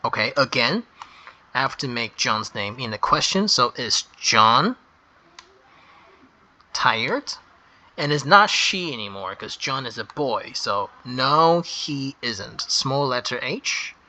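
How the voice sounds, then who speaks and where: Man, English grammar teacher, very slow careful explanation, bright sharp voice. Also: medium pitch, animated. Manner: slow and careful, stressing key words.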